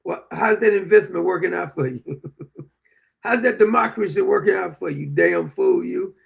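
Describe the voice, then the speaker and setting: A man's voice: sits high, moderate pace, creaky. A man in his sixties hosting a political commentary show, ranting and mocking his targets with frequent laughter. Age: 60s.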